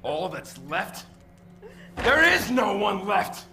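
An actor playing a hysterical, bitter villager in a video game, yelling and sneering at outsiders. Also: male voice, high-pitched, sing-song, slow, creaky, heavily acted. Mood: raging.

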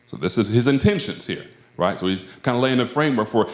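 A male pastor preaching a sermon, with emphatic delivery that swings between high, drawn-out phrases and low, quiet ones. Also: expressive. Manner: emphatic preaching with wide swings in pitch and loudness. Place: church sanctuary. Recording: roomy church echo.

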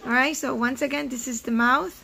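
A woman teaching first graders a reading lesson, asking questions gently and switching into Spanish now and then. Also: high-pitched, fairly even intonation, fairly quick, creaky, slight background noise. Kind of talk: remote reading lesson for children.

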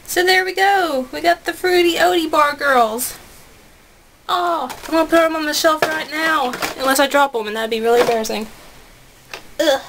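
Gushing high-voiced young woman vlogger. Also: noisy background. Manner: gushing, excitable, chatty. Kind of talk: excited unboxing vlog.

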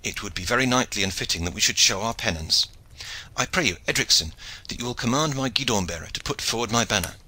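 A man's voice: on the low side, lively intonation, quick pace, sharp tone, husky, exaggerated voice, low-quality recording. A man reading an audiobook, voicing a courteous and precise medieval knight with formal speech. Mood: grave.

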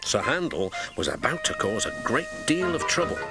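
A British man narrating a children's storybook in an expressive, gentle storytelling manner. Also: mid-range voice, moderate pace, gravelly. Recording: narration with music behind.

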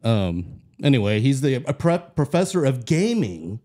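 A man's voice: mid-range voice, very animated, moderate pace, dark tone. A man co-hosting a casual talk show, talking in a laid-back, conversational way. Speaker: co-host.

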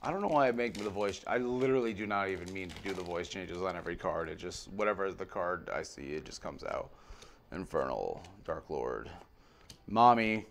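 A man opening trading card packs on camera, rattling off card names and swinging between quiet mutters and excited, sweary outbursts. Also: sits low, brisk, gravelly, slight background noise. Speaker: card pack opener on a video channel. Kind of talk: casual pack-opening commentary.

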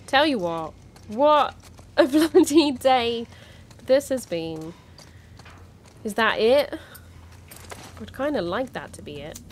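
A young woman gives casual gaming commentary with a fairly high, very lively voice. She chats freely, bursts into exclamations and giggles as she plays. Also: slow pace, long pauses. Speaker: gaming YouTuber. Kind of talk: casual let's-play commentary.

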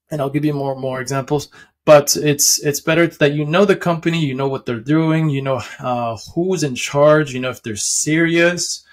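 A young man casually explaining how stocks work, rambling with many fillers and restarts and chuckling often. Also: a little high. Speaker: finance video host.

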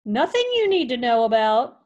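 A woman voicing a proud, grumpy male ranch dog who talks gruffly and defensively. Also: fairly high pitch, normal speed, muffled recording, close to an everyday voice. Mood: curt.

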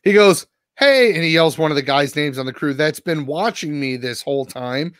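A man's voice: on the high side, fairly even intonation, brisk, a bit bright, no echo, clean studio sound. Swearing, rambling podcast co-host man. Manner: rambling storyteller, heavy swearing. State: sore and worn out. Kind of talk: casual podcast chat.

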